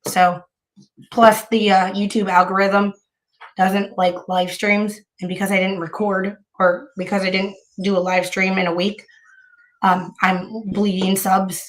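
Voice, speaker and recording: This is a woman streaming live and casually talking to her viewers while hoarse with bronchitis. Heavy vocal fry and rambling restarts mark her speech, delivered in a mid-range voice with a level tone at a measured pace.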